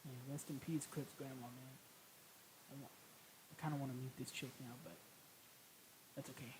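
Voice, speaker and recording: A man's voice: mid-range voice, level tone, moderate pace, noisy background. A man giving casual, emotional reaction commentary as host, exclaiming and swearing casually.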